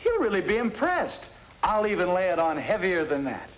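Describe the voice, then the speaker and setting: A man's voice: sits high, huge pitch swings, normal speed, noisy background. A timid hapless young man. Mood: meek. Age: young adult. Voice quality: meek, nervous. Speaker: boyfriend. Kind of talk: 1950s sitcom acting. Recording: dull lo-fi 1950s TV audio with laugh track.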